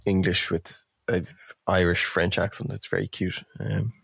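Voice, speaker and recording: A man's voice: low voice, level tone, unhurried, creaky, fairly bright tone, breathy edge, dry recording. A man co-hosting a podcast, chatting casually and laughing often. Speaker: podcast co-host. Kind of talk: casual film podcast chat.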